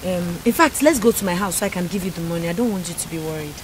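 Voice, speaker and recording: A woman's voice: on the low side, expressive, very fast, noisy background, lightly acted. An actress playing a kind young shopkeeper who soothes her worried boyfriend. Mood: soothing. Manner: soothing, reassuring. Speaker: shop owner. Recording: background film music.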